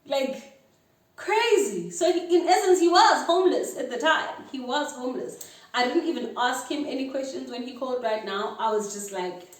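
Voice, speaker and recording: A South African woman in her twenties telling a story vlog-style, lively and mixing in isiXhosa phrases while acting out both sides of a conversation. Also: high voice, moderate pace. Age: 20s. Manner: animated, mixes isiXhosa phrases into English, acts out both sides of a chat. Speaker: vlogger. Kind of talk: casual storytime. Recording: echoey room, mic a bit far.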